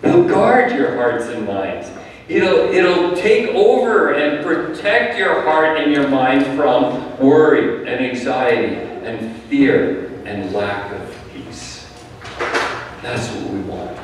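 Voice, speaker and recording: A male pastor delivers a sermon at an unhurried pace, calm and measured, letting his voice fall quiet at times. He is heard from a distance in a large, echoing church hall with a faint room hum behind him. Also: medium pitch. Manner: calm, measured preaching with soft drops in volume. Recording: echoey hall, speaker far from the mic.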